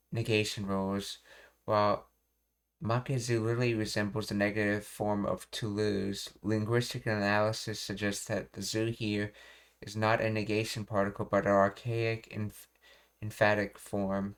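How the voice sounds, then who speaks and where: Low, flat-voiced man teaching slowly. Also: clear, resonant tone. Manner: halting, reads explanations aloud with frequent restarts. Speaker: Japanese teacher streamer. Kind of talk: live-streamed language lesson.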